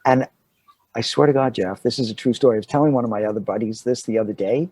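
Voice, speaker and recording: A man's voice: on the low side, quick pace, breathy edge, low-quality recording. A middle-aged actor telling a funny anecdote in casual conversation, acting out the voices of the people in his story. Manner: animated storyteller acting out dialogue. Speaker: actor guest.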